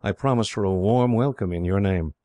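A man's voice: on the low side, a little fast, warm tone, no room sound, lightly acted. A man voicing an earnest, cheerful young English officer.

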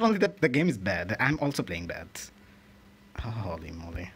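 A man's voice: lowish voice, big pitch swings, normal speed, fairly bright tone, slightly rough. A young man commentating his football video game in frustration, swearing often and grumbling. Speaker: gaming channel host.

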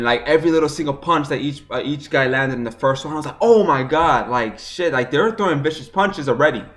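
Young dude hyped up talking boxing, cusses a lot, goes boom boom on the punches. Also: male voice. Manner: excitable, swears a lot, acts out punches with sound effects. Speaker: boxing vlogger. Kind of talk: casual fight recap monologue.

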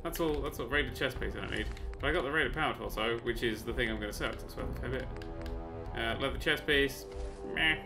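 A man casually commentating on his own gameplay, chatty and excitable, with sudden yelps and mock-boastful asides. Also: mid-range voice, fast talker, music in the background. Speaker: let's play host.

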